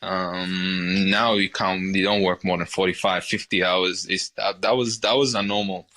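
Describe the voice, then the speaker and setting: Forceful Israeli-accented man, chatty chef. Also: low voice, measured pace. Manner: animated, repeats and restarts words, acts out quoted lines. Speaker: chef, podcast guest. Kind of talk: casual interview storytelling.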